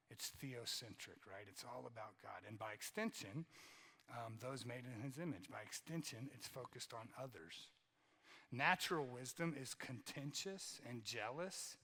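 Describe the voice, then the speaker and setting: A man's voice: medium pitch, a bit bright, big-room sound. A man preaching a sermon in a conversational way, often tagging lines with "right?" and repeating phrases for emphasis. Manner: conversational, keeps asking "right?". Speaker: pastor. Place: church sanctuary.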